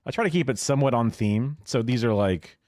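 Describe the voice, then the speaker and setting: This livestream host has a mid-range, mellow-ish voice with lively intonation, talking fairly quickly; the sound is clean studio quality with no room sound. Streaming reactions live from home, he's casual and opinionated, swearing and chuckling through his rants.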